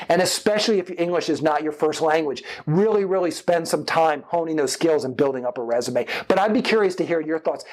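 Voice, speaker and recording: A middle-aged man, a filmmaker guest, chatting and giving advice in a rambling, casual interview. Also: a little high.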